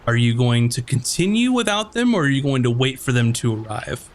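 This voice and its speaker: A man's voice: mid-range voice, expressive, a little fast. Rambling male game master. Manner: rambling, full of fillers. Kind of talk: narrating a tabletop game.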